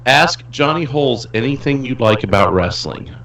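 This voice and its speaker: A man's voice: medium pitch, lively intonation, moderate pace, roomy sound, recorded from a distance, crowd noise, low-quality recording. A man co-hosting a casual online show, steering the talk with dry questions. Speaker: co-host. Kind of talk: casual chat.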